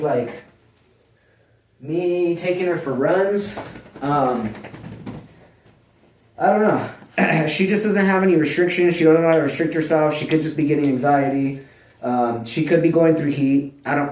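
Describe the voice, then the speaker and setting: Rambling, cussing man, slightly high voice. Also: normal speed, a little mellow, a little hiss or hum. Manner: rambling, profane, full of "like" fillers; clears his throat often. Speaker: vlogger. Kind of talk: casual chat to camera. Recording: echoey room.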